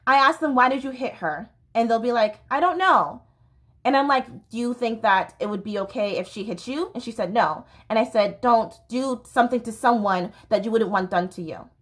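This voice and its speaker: A woman's voice: fairly high pitch, expressive, moderate pace, a bit bright. A woman hosting a podcast, talking alone in an impassioned, rambling way and often breaking off mid-sentence. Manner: impassioned, rambling, self-interrupting. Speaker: podcast host. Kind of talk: casual monologue. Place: home near a train line.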